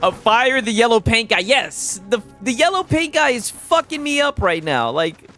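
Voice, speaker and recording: A young man with a Southern US accent chats loosely over his game, rambling, laughing and swearing. His pitch moves a lot as he talks. Game music plays clearly behind him. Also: sing-song, normal speed, sharp tone. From Atlanta, USA. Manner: laid-back, rambling, swearing, laughing chatter. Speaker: gaming streamer. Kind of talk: casual let's-play commentary.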